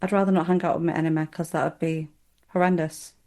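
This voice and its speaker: A woman co-hosting a podcast in casual chat, blunt and quick-witted. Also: sits low, level tone, dark tone. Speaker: podcast co-host.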